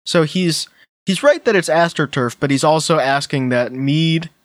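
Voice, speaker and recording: A man with a slightly high voice hosts a casual podcast. He reads posts out loud and drops wry, deadpan asides. The sound is dry and close to the mic. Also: normal speed, dry recording. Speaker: podcast host. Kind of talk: casual chat, reading posts aloud.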